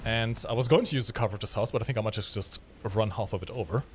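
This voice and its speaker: A man co-hosting a live gameplay stream, chatting in a lively, teasing way while he plays. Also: on the low side, racing, slight background noise. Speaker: stream co-host.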